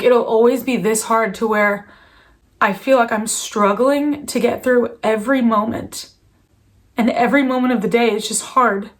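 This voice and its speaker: A young adult woman talking candidly to camera about new motherhood, earnest and open, with frequent fillers and restarts. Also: on the high side. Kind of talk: personal confessional vlog.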